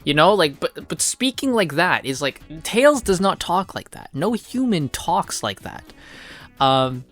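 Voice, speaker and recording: A man's voice: a little high, big pitch swings, a little slow, fairly bright tone, faint music behind. Rambling, profane man reviewing a comic. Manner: rambling, filler-heavy, blunt and profane. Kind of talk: casual video review.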